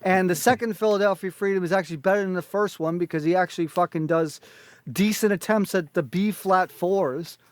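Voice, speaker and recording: Fast, foul-mouthed high-voiced man. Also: no room sound. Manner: rapid, blunt, swears constantly. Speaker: panelist ranking concert recordings. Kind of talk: profane critical rant.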